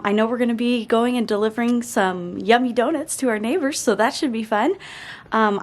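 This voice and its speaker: A woman in her thirties chatting casually to her vlog viewers in a bubbly, upbeat way, laughing often. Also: on the high side. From Alaska. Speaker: family vlogger.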